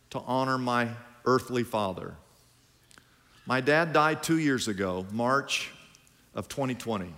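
A middle-aged pastor preaches a sermon in a mid-range voice that sounds pushed and bright. He stretches his lines out and leads the congregation in call-and-response. The recording carries a long hall reverb.

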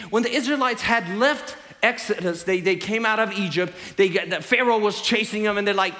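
Bright-voiced Southern preacher. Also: male voice, very high voice. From Tennessee. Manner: animated storytelling, playful asides. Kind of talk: lively sermon. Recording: reverberant hall.

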